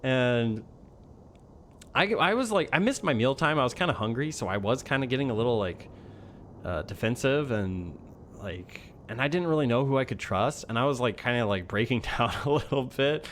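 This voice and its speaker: A man's voice: mid-range voice, expressive, moderate pace, a bit bright, slight background noise. A young man telling a story in a casual, rambling way with many fillers. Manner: rambling, heavy use of fillers. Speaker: vlogger.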